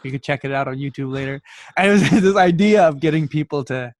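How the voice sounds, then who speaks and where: Lively Canadian man telling his story. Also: fairly high pitch, fast, no echo. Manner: animated, repeats words when starting sentences. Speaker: podcast guest, youth speaker. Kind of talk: storytelling in conversation.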